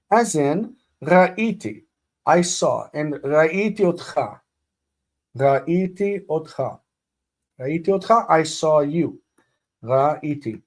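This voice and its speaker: A man teaching a live-streamed grammar lesson, speaking deliberately and repeating words for students to drill. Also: a little high. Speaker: Hebrew teacher.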